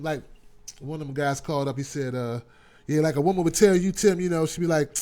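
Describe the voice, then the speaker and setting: A man's voice: fairly high pitch, steady tone, brisk, dark tone. Earnest man rallying his audience. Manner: earnest, repetitive, rallying, informal speech. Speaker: host. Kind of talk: live online talk show with chat shout-outs.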